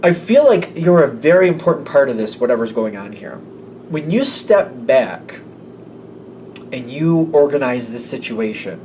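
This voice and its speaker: Casual and rambling, a male tarot reader works through a reading and at times acts out little voices. His voice is medium-pitched and a touch mellow, captured on a slightly distant mic with faint room noise.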